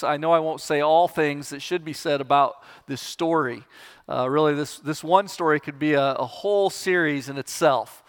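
Man, pastor, sermon and scripture reading, earnest, fairly high voice, smooth and resonant. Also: a bit bright. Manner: earnest, halting with fillers between thoughts. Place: church sanctuary. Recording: long reverb of a church hall.

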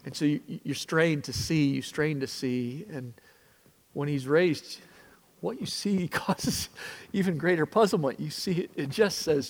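Guy preaching, fairly high gravelly voice, pulls you into the story, goes from quiet and earnest to fired up. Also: unhurried. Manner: earnest, building from hushed to impassioned. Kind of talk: dramatic second-person sermon storytelling. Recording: long hall reverb.

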